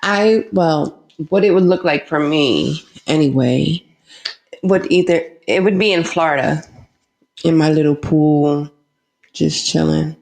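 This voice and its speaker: A woman's voice: low-pitched, measured pace, vocal fry, a little mellow. A young woman co-hosting a relationship podcast with her partner, chatting casually, giggling and easygoing. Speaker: podcast co-host. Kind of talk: casual couple's podcast chat.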